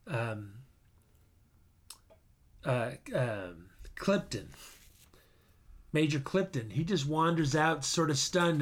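A man co-hosting a podcast, retelling a film's plot in a casual, halting way. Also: on the high side. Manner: retells a film plot with many hesitations. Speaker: podcast co-host. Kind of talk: casual chat.

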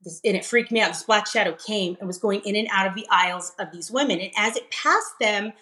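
A middle-aged woman, a podcast guest, telling a personal story in an emphatic, animated way with frequent laughs. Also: mid-range voice, fairly quick. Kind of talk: conversational storytelling interview.

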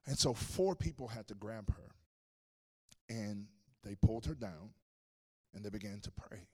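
A male pastor preaching a sermon, telling a story with animated swings between loud and hushed. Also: on the low side, unhurried, pauses often.

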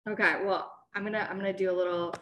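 A woman co-hosting a podcast, telling stories in an animated, exasperated way. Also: mid-range voice, racing, muffled recording, slight background noise. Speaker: podcast co-host. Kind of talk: casual chat.

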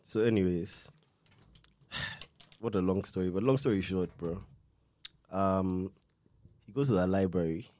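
A young man tells a true crime story in a loose, rambling way, full of slang and restarts. His voice sits low and sounds dark and mellow. It is picked up dry and close, and he stops to cough now and then. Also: unhurried, long pauses, no room sound. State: coughing fits. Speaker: podcast co-host telling a true crime story. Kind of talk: casual chat.

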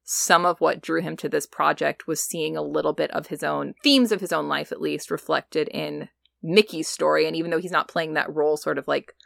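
A woman's voice: sits low, fairly even intonation, fairly quick, vocal fry, a bit bright, dry recording, clean studio sound. A woman co-hosting a podcast in casual chat, thoughtful and analytical, full of "like" and "you know". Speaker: podcast co-host.

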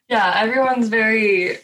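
Female co-host: slightly high, slow-paced, giggly listener who chimes in briefly. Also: a bit bright. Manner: laughs often, reacts with short agreement. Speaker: podcast co-host. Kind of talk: casual chat.

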